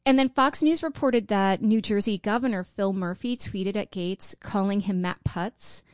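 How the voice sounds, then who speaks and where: A woman's voice: mid-range voice, normal speed, darkish tone, smooth, dry recording, studio quality. A woman co-hosting a casual podcast, indignant and exasperated, often restarting her sentences. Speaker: podcast co-host.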